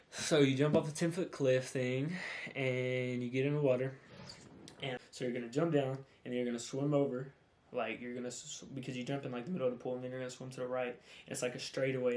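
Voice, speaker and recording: A man's voice: medium pitch, darkish tone. A young man, talking casually to camera in a rambling, candid way with lots of fillers and self-corrections. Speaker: vlogger.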